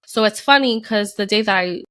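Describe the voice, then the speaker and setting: A woman's voice: medium pitch, normal speed, fairly bright tone, smooth, dry recording. A young woman co-hosting a podcast, telling a personal story in casual chat and acting out the people she quotes with big jumps in her voice. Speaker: podcast co-host.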